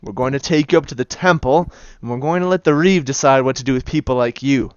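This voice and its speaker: A man's voice: mid-range voice, fast, clean tone, no echo, highs cut off, close to an everyday voice. A man voicing a stern, threatening swordsman guard in a tabletop game. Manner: firm, threatening.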